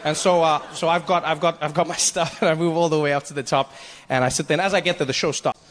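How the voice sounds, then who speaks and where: A man in his forties telling a stand-up story, animated and self-mocking, acting out the scenes. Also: fairly high pitch, fast talker. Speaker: stand-up comedian.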